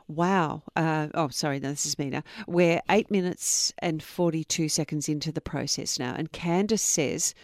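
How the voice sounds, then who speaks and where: A woman's voice: low-pitched, moderate pace, few pauses, darkish tone, dry recording, clean studio sound. A middle-aged woman hosting a true crime podcast, reading out quotes earnestly and adding personal asides. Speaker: podcast host.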